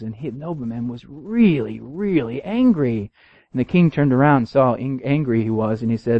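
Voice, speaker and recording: A man preaching a sermon, telling a story and reading scripture, his voice swinging from loud and high to low and quiet. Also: expressive, normal speed, no room sound. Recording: dull, dry lo-fi recording.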